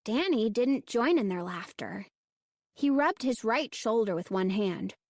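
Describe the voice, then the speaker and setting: A woman reading a spooky children's novel aloud, steady and measured. Her voice sits a little high, and she takes her time. The recording is close and dry. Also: no room sound. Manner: measured storytelling. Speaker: audiobook narrator. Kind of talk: scripted narration.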